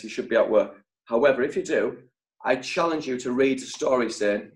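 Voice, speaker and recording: A man leading a sales training session over a video call, speaking in short, punchy phrases with deliberate pauses. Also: medium pitch, poor audio. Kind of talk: motivational training talk.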